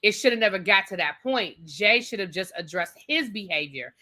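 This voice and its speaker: Bright-voiced, opinionated woman co-host. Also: mid-range voice, animated, moderate pace. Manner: opinionated, emphatic, addresses people directly. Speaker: podcast co-host. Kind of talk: casual recap chat.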